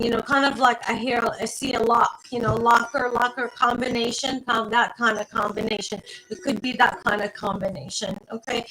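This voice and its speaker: Woman, tarot reader, live stream chat, rambling and playful, slightly high voice, faint noise behind. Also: a bit bright, low-quality recording. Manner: rambling, chatty, playful, swears casually. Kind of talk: live tarot reading, casual chat to viewers.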